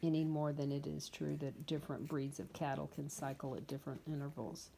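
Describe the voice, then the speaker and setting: A woman's voice: low voice, flat delivery, brisk, vocal fry, warm tone, slight background noise. A woman in her fifties, a dog breeder, chatting casually and bluntly about her puppies at her kennel, with exasperated asides. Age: 50s. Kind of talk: casual vlog chat.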